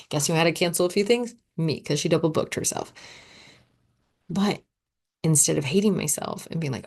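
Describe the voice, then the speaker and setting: A woman hosting a solo podcast as a coach, chatting freely and acting out her own thoughts as little quoted asides. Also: deep voice.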